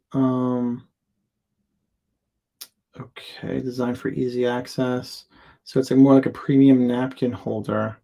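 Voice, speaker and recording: Chatty man with a gravelly voice. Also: medium pitch, mellow. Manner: loose and chatty, full of ums and likes, thinking aloud. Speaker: sales account executive reviewing seller listings. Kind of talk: casual live-stream product listing review.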